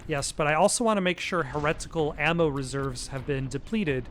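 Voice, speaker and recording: A man's voice: a little high, fairly quick, fairly bright tone, slight background noise. A man giving casual gameplay commentary, rambling and self-deprecating with lots of hesitant restarts. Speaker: let's play commentator.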